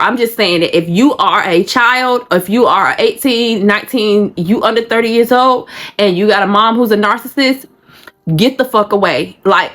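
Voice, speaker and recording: A woman's voice: fairly high pitch, a bit bright. A woman from Georgia, telling her own story on a vlog in a blunt, profane, rambling way. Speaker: vlogger. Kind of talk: candid personal storytelling.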